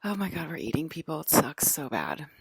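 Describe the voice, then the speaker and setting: A woman talks in a loose, rambling monologue, filling her sentences with "like". Her voice sits low and carries a gravelly fry. The sound is dry and close, with no room around it. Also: very animated, a little fast, no room sound. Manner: rambling, heavy use of "like". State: close to tears.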